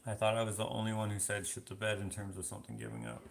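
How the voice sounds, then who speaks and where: A man's voice: lowish voice, flat delivery, racing, gravelly. A man chatting casually on a live stream, reading viewer comments aloud and answering with loose, filler-heavy talk. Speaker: vlogger answering viewer questions. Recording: roomy echo.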